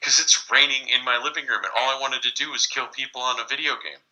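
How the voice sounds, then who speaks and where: A man in his forties talking in a casual podcast chat, a lawyer with a monotone, even-keeled delivery. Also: medium pitch, quick pace, poor audio. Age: 40s.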